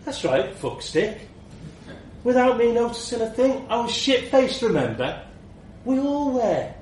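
A man voicing a panicked, furious man trapped inside a suitcase, shouting shrilly and swearing. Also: a little high, expressive, takes it slowly, roomy sound, recorded from a distance, a little hiss or hum, pitched above the performer's own voice. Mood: sarcastic anger.

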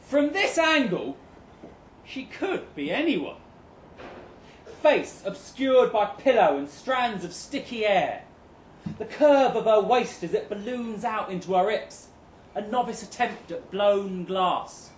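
Young man, high voice, wry deadpan story reading, live pub room, echoey sound. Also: takes it slowly, a little hiss or hum. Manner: wry, deadpan comic narration with mock-heroic outbursts. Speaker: reader at a live fiction night. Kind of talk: live comic story reading, first person.

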